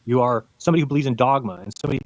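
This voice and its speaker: A man with a medium-pitched voice talks rapid-fire on a dry recording as a debate guest. The talk is heated, and he's insistent and lecturing, pressing his points hard.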